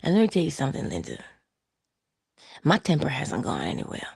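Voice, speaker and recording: A middle-aged woman hosting a casual motivational talk, telling personal stories with laughter and hushed asides. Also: low voice, fairly quick, creaky, breathy edge, dry recording, studio quality. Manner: animated storytelling, laughs often, drops into hushed asides. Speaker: channel host.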